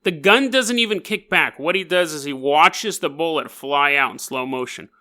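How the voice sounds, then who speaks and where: A podcast host with a fairly high-pitched voice retells a strange story for comedic effect, speaking at a moderate pace. He's jokey and animated, acting out the quotes as he goes.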